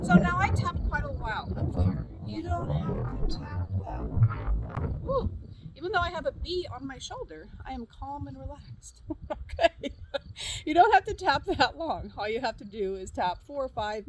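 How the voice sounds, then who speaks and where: Lively middle-aged woman teaching tapping outdoors. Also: high voice, background noise. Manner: chatty, repeats cue phrases, laughs easily. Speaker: counselor demonstrating tapping. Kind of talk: casual instructional demonstration. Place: outdoors at a farm.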